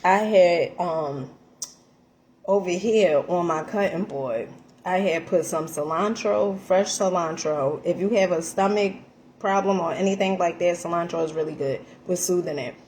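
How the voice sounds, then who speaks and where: A woman chatting through a casual home cooking vlog, animated and full of fillers, calling her viewers honey. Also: on the low side, a little slow, slight background noise. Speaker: vlogger. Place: home kitchen.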